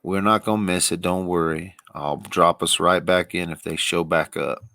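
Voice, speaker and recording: A man's voice: low-pitched, steady tone, normal speed, creaky, sharp tone. Male livestream host, rambling and wry, close dry sound with no room echo. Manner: rambling, wry, thinking aloud. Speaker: livestream commentator. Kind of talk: casual live commentary.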